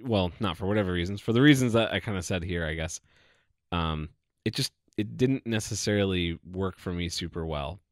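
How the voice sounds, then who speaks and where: A man's voice: low voice, a little fast, no echo, studio quality. A man co-hosting a podcast, easygoing and a little hesitant as he talks his thoughts through. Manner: easygoing, hesitant, thinks aloud. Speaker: podcast co-host. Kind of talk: casual chat.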